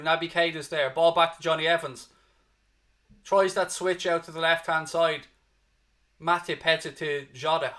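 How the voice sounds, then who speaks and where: This Irish host from Dublin has a slightly high voice as he runs a fan watchalong. He gives lively live commentary on the match, talks with his viewers, curses without restraint, and pushes for positivity.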